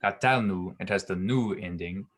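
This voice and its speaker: A man with a somewhat low voice explains Hebrew verb forms in a relaxed, patient way. He often pauses with an "um" or restarts a phrase before moving on. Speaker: Hebrew teacher. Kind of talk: online grammar lesson.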